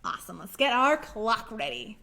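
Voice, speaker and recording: A young woman librarian leading a children's storytime, gently encouraging and singing nursery rhymes. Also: on the high side, very animated, normal speed, creaky.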